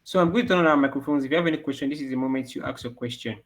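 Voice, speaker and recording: A man's voice: mid-range voice, rapid-fire. A man teaching an online coding class to children, asking questions and answering them himself. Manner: repeats questions for the kids to answer. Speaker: programming teacher.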